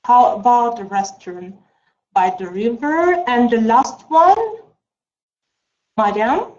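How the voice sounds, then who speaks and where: A woman teaching an English class online, slow and coaxing, with many mm-hmms. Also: fairly high pitch, darkish tone. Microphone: video call. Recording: dull lo-fi video call.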